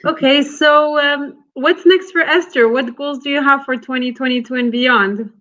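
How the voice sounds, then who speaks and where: A woman host with a high voice asks questions and affirms her guest warmly. She is a mother. Her sound is muffled and lo-fi, like a video call. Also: moderate pace. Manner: warm, encouraging, affirming. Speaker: interview host. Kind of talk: casual video interview. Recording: dull lo-fi sound.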